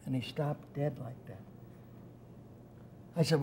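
An older American man, a guest actor, telling a lively anecdote in an interview and acting out the dialogue. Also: medium pitch, a little slow, pauses often, slight background noise. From United States. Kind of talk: storytelling interview.

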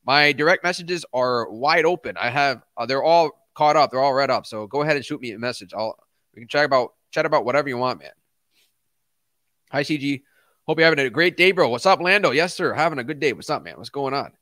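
Bright-voiced casual crypto streamer guy. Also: medium pitch, lively intonation, brisk, no echo, studio quality. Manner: swears, flares into ranting outbursts; laid-back, calls viewers man and dude. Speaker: crypto livestream host. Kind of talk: casual livestream chat.

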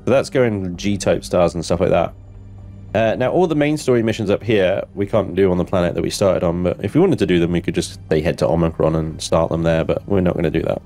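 A man's voice: low-pitched, brisk, warm tone, faint music behind. A man giving casual gameplay commentary, chatty and laughing often as he reads game text aloud. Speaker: gamer streaming his play.

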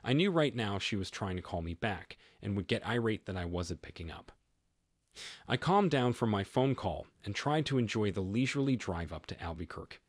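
Husky low-voiced man narrating a story. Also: no room sound, clean studio sound. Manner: deadpan, matter-of-fact. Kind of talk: first-person story narration.

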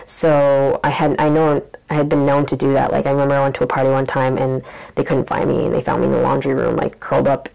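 Young woman vlogger, low voice with vocal fry, chatty storyteller. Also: little pitch movement, quick pace, darkish tone, poor audio. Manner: chatty, peppered with "like", acts out quotes. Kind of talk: casual storytelling monologue.

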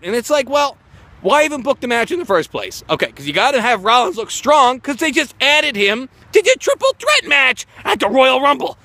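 A man's voice: extremely high pitch, big pitch swings, a little fast, sharp tone, no room sound. A man ranting profanely outdoors in the snow, reacting to a wrestling show in a heated vlog. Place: outdoors in snowfall.

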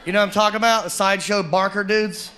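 A man performing a stand-up comedy set, telling animated stories that burst into shouting, recorded live with audience laughter. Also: high-pitched, fast, slight background noise.

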